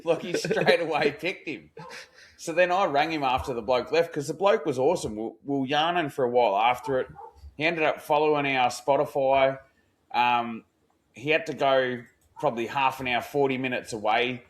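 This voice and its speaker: A man's voice: mid-range voice, normal speed. Australian man telling a slangy yarn. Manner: swearing, slangy yarn-telling, acts out quotes. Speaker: podcast co-host. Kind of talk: casual storytelling chat.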